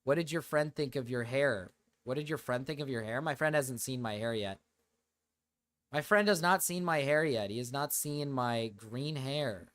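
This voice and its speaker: A man's voice: mid-range voice, moderate pace, a bit bright. A man hosting a livestream, chatting casually and reading chat questions, rambling and self-deprecating. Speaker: streamer host.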